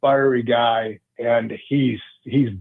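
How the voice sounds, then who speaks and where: Male guest on a dry, tinny phone line, earnest and halting, mid-pitched. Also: little pitch movement, dry recording. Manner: earnest, halting, many restarts. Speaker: guest, former pro football player. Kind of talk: casual radio interview storytelling. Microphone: phone call.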